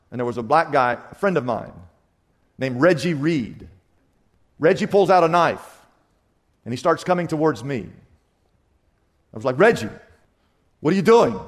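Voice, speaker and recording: A man from Kansas, a pastor, preaching a sermon with vivid storytelling that sinks to a hushed tone at key moments. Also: on the high side.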